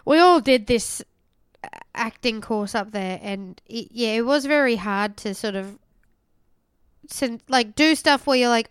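A woman's voice: fairly high pitch, a little slow, clean tone, dry recording. A young woman co-hosting a podcast by video call, teasing her co-host in a dry way. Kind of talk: casual chat.

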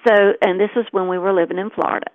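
A woman's voice: mid-range voice, steady tone, fast, no echo. A middle-aged woman co-hosting a talk show, telling a personal story in an earnest, chatty way and acting out the dialogue. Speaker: co-host. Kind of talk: casual storytelling chat. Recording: tinny, dry phone line.

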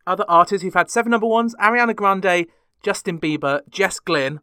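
Bright, wry British podcast host. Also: male voice, high-pitched, a little fast, clean tone, dry recording, clean studio sound. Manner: chatty, wry asides. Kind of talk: chart rundown podcast.

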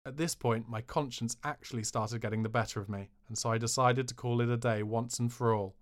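A man's voice: mid-range voice, steady tone, fairly quick. Cheeky man reading a memoir. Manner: dry, cheeky storytelling. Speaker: podcast narrator.

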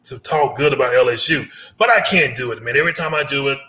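A man's voice: mid-range voice, fast talker, sharp tone, low-quality recording. A man from Louisiana chatting casually about football as a guest, easygoing and repeating himself. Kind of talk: casual sports chat.

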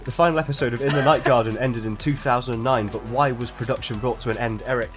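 A Welsh man with a deadpan, sarcastic manner, hosting a comedy quiz podcast in casual chat. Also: medium pitch, quick pace, over music. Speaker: podcast host running a quiz.

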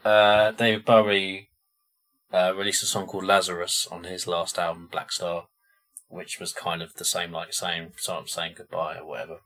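A man's voice: low-pitched, flat delivery, moderate pace, fairly bright tone. A man co-hosting a podcast, chatting casually about songs and thinking aloud with plenty of "you know" fillers. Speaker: podcast co-host presenting the songs.

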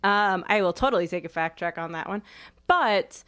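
A woman co-hosting a casual chat show, wry and teasing, with quick opinions. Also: fairly low pitch, expressive, a bit bright, clear, resonant tone.

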